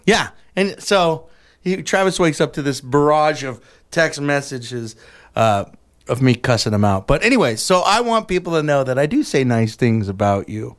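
A man's voice: mid-range voice, sing-song, moderate pace. A man co-hosting a podcast, chatting casually and telling stories in a joking, mock-sentimental way. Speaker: podcast co-host. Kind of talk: casual banter.

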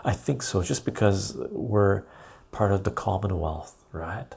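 A man's voice: deep voice, a little slow, creaky, darkish tone, husky. A man hosting a casual live stream, rambling as he reads viewer comments aloud and answers them. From Canada.

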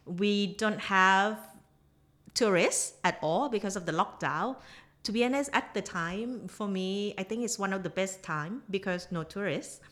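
A woman's voice: mid-range voice, a little slow, fairly bright tone. A woman guest on a casual podcast, talking in chatty, non-native English and laughing often. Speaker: guest, silversmith.

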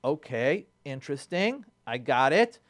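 A man, a rabbi, giving marriage advice on a radio show in an animated way, repeating phrases and mixing in Hebrew terms. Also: mid-range voice, a little slow. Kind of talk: radio talk. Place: radio studio.

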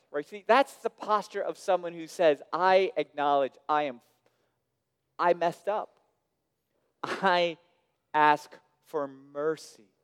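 A man preaching a sermon as pastor, swinging between hushed, quiet phrases and sudden raised, emphatic lines. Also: fairly high pitch, clean tone. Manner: dynamic preaching, dropping soft and rising loud. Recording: long reverb of a large hall.

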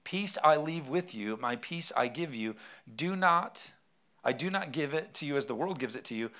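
A man's voice: a little high, animated, normal speed, sharp tone. Emphatic male preacher. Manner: emphatic preaching with repeated amens and rhetorical questions. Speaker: pastor. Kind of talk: sermon.

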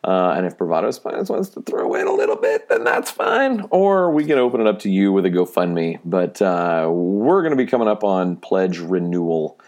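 Guy with a low voice running a podcast, upbeat, rambles in quick bursts. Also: big pitch swings, a little mellow. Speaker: podcast host. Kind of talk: casual podcast chat.

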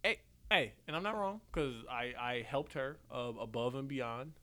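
A man's voice: mid-range voice, expressive, moderate pace, pushed and bright. A man chatting casually as a podcast co-host, telling a story with a laid-back manner and chuckling as he goes. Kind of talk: casual chat.

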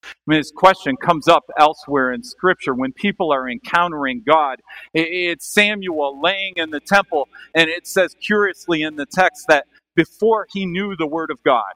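Bright-voiced preacher, animated and bright. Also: male voice, fairly high pitch, normal speed. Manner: animated, questions to the listeners, voice rises and drops sharply. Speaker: pastor. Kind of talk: sermon.

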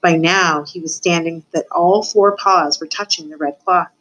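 A woman student reading a children's novel aloud, narrating with expressive voices for the characters. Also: on the low side, normal speed, few pauses, rough recording. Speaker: student reader.

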